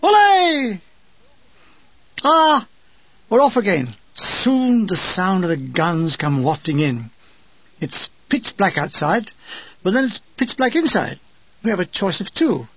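A man reading a comic wartime memoir in a wry, deadpan way, in a dull, dry, lo-fi recording. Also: high-pitched, measured pace, slightly rough, dry recording. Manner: wry, deadpan humor with acted asides. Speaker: memoir narrator.

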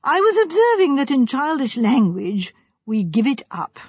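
A woman reading the part of a courteous older gentleman who speaks in a grave, formal, ironic way. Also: high voice, big pitch swings, normal speed, breathy edge, dry recording, pitched above the performer's own voice, heavily acted. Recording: slightly dull, dry recording.

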